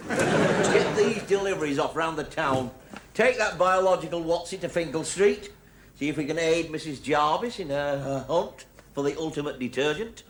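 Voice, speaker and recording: An actor playing a stingy, stammering middle-aged shopkeeper, talking in a dry, sly way. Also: male voice, a little high, lively intonation, moderate pace, close to an everyday voice. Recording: hissy old sitcom clip.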